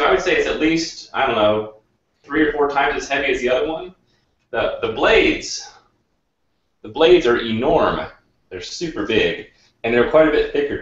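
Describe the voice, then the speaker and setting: A man's voice: fairly low pitch, fairly bright tone. Man hosting in a roomy, muffled call. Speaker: host. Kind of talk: casual web show hosting. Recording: roomy, dull video-call audio.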